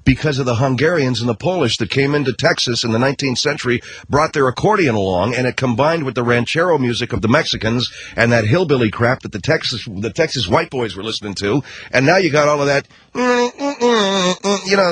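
A man's voice: mid-range voice, animated, a bit bright. A man hosting a talk show, delivering a combative, sarcastic rant. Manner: combative, sarcastic, rapid ranting. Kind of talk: ranting talk-radio commentary.

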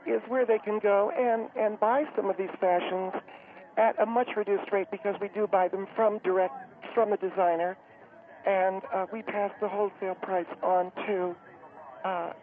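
A man voicing a high-strung, well-to-do woman who talks haltingly with many fillers. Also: a little hiss or hum, close to an everyday voice. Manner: halting, hesitant, many fillers, later panicky and breathless. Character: fussy upscale woman, community spokeswoman, high-strung. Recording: tinny phone-line radio sound.

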